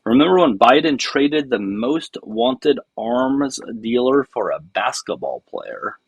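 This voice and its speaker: A man's voice: medium pitch, sing-song, slow, creaky, breathy edge, no echo, low-quality recording. A man hosting a casual political livestream, sarcastic and mocking as he talks to his chat. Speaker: livestream host.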